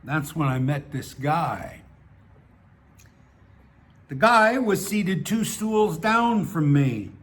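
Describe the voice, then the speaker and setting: A man's voice: a little high, fairly bright tone. A man reading his own personal essay aloud, in a wry, dryly humorous way. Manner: wry, dry humour with small laughs.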